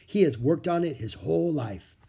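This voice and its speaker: A man voicing a calm, welcoming monk with measured, formal speech in a storybook reading. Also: fairly high pitch, gravelly, husky, voice pushed up, exaggerated voice.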